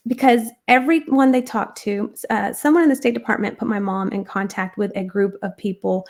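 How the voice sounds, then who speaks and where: A woman's voice: medium pitch, moderate pace, a little mellow. A woman guest earnestly telling a personal testimony in conversation, with frequent ums and restarts. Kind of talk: personal storytelling.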